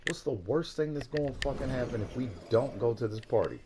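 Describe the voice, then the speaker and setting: A man streaming, chatting casually about a movie in an animated, profane way, going from quiet to loud and laughing often. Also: mid-range voice, fairly quick, background noise. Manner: laughs often while talking. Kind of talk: casual chat.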